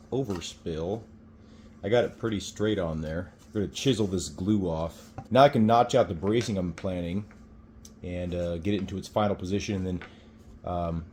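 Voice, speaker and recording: Low, mellow man narrating his workshop build. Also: a little hiss or hum. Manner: relaxed, thinking aloud with pauses. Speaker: hobby guitar builder.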